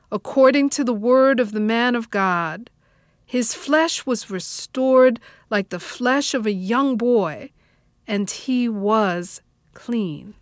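Slow, measured woman reading scripture. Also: sits high, no room sound, studio quality. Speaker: scripture reader.

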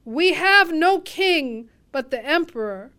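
A woman voicing an angry crowd of accusers, pressing their demands with raised, insistent lines. Her voice stays high and the pace slow. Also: animated, sharp tone, exaggerated voice.

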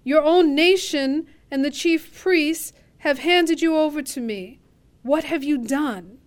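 A woman reading the lines of a wary, uneasy male Roman governor in a scripture reading, with slow, deliberate questions. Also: sits high. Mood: questioning.

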